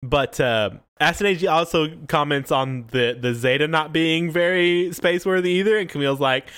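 A man's voice: a little high, moderate pace, fairly bright tone, smooth. A man co-hosting a casual show recap, laughing often, swearing freely and acting out characters' lines. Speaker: podcast co-host recapping an anime. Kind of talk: casual chat.

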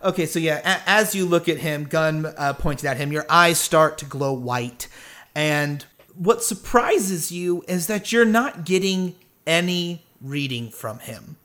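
A man's voice: on the high side, lively intonation, unhurried, sharp tone. A man running a tabletop game as game master, narrating loosely with fillers and restarts.

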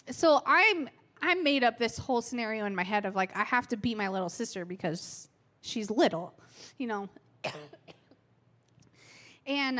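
Woman preacher, thirties, slightly high voice, casual candid delivery, fighting a cold. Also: a bit bright. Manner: candid, self-mocking storytelling with fillers. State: has a cold, clearing her throat. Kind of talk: sermon.

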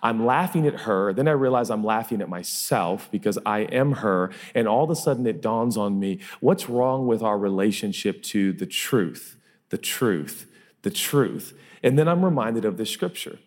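A man's voice: lowish voice, lively intonation, moderate pace, few pauses, darkish tone. A man preaching a sermon as pastor, emphatic and repeating phrases for effect, in a large church hall. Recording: long reverb of a large hall.

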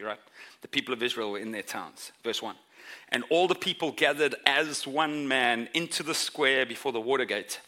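Bright-voiced male pastor preaching. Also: fairly high pitch. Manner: animated, jokey asides to the congregation. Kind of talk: sermon. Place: church sanctuary.

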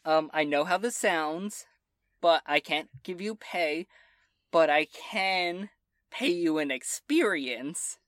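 A woman's voice: deep voice, slow pace, fairly bright tone, no echo, studio quality. A woman narrating and voicing characters as game master of a tabletop role-play, casual and hesitant.

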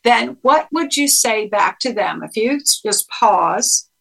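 A woman's voice: on the high side, lively intonation, slow pace, vocal fry, fairly bright tone, rough recording. A woman psychologist, a guest on a talk show, explaining a technique in an instructive way and quizzing the host. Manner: instructive, quizzes the listener, acts out quoted lines. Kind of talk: interview explanation.

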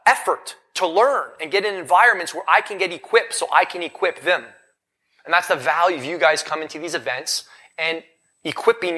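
Bright-voiced energetic male speaker. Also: on the high side. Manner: energetic, rhetorical questions to the audience. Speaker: motivational speaker. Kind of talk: live seminar talk. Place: event hall in front of a live audience.

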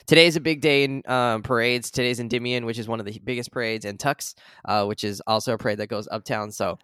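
A man's voice: medium pitch, quick pace, clean tone, no room sound, clean studio sound. A man in his thirties co-hosting a podcast, chatting casually and laughing often. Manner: laughs often, relaxed rambling. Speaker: podcast co-host. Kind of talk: casual chat.

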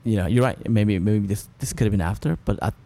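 A man's voice: on the low side, fast, creaky, warm tone. A man casually discussing a film, hesitant and often restarting his sentences. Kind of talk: casual chat about a film.

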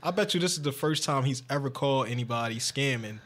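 A man hosting a podcast, telling a story in casual chat, animated and profane, jumping into a high excited voice when he quotes himself. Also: fast. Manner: animated, swearing, acts out his own lines in a high excited voice. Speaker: podcast host.

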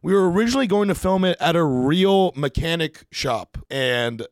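A man, a podcast producer, telling a story in a casual monologue, animated, swearing and laughing often. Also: fairly high pitch, moderate pace, no room sound, studio quality.

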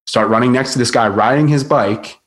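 A man's voice: medium pitch, fairly quick. A man telling a touring story on a podcast in a casual chat, acting out quotes and saying like often. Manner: animated, acts out quotes, many likes. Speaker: podcast guest.

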